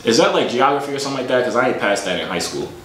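A man's voice: medium pitch, animated, racing, a crowd in the background. A young man vlogging and chatting with strangers online, joking and teasing in slang. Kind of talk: casual prank chat. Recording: echoey room with faint noise.

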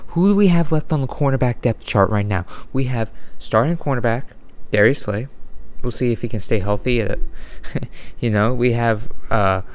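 A man's voice: medium pitch, smooth. A man ranting unscripted at home late at night, frustrated and rambling, often stopping to restart his sentences. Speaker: sports vlogger. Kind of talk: unscripted rant.

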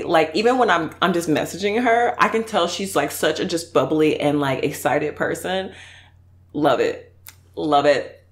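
A woman's voice: sits low, moderate pace. A woman mukbang YouTuber chatting casually and effusively while reacting to video clips, laughing often.

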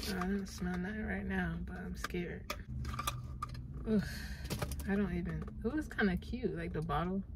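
A woman's voice: lowish voice, a little slow, pauses often, background noise. A young adult woman talking casually and playfully to her viewers in a vlog, with lots of slang and swearing. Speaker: YouTuber.

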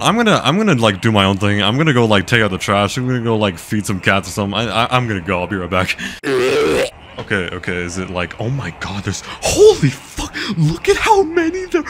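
A young man giving casual gameplay commentary, excitable and stammering, with lots of swearing and sudden high yelps. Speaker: gaming YouTuber.

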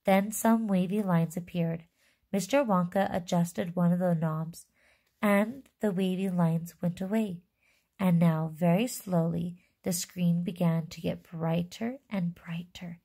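A woman's voice: on the low side, fairly even intonation, measured pace, warm tone. A woman reading a children's book aloud, stopping for chatty asides and correcting herself. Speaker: reader.

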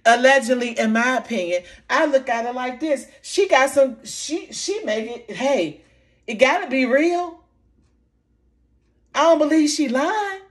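A middle-aged woman, venting emotionally in a vlog, impassioned and repetitive, her voice sinking soft and low in the hurt parts. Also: lively intonation, unhurried. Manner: impassioned, repeating herself, voice dropping low and soft when recalling hurt. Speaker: vlogger. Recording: faint background noise.

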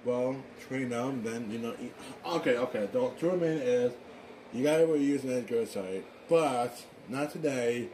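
A man improvising a fan drama, talking in a rambling, halting way with excitable exclamations. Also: medium pitch, slight background noise, rough recording. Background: music.

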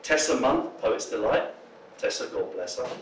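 Lively, animated man telling stories to a room. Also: medium pitch, moderate pace, noisy background. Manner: jokey storyteller, acts out quoted voices. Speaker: political speaker. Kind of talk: anecdotal public talk. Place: pub function room with an audience. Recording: roomy, distant mic, faint ambience.

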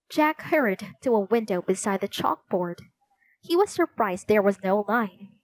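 A woman reading a children's storybook aloud in slow, clear narration. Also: mid-range voice, animated, darkish tone, no room sound. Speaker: storybook reader.

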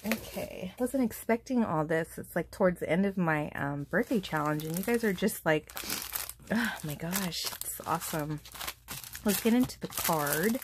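A woman's voice: lowish voice, moderate pace. A young woman vlogging as she opens craft gifts, gushing and full of fillers, moved to happy tears. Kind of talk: casual unboxing chat. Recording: steady background noise.

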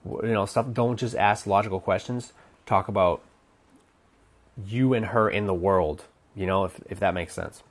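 A man's voice: fairly low pitch, fairly even intonation, moderate pace. A man coaching on dating, giving casual advice while thinking aloud, with many restarts and fillers. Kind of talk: casual instructional talk.

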